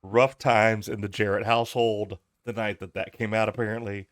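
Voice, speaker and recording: A man's voice: on the low side, level tone, moderate pace, no room sound, clean studio sound. A man co-hosting a podcast, chatting casually through a wrestling recap and quoting lines from the show. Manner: laid-back, quotes lines from the show. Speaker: podcast co-host.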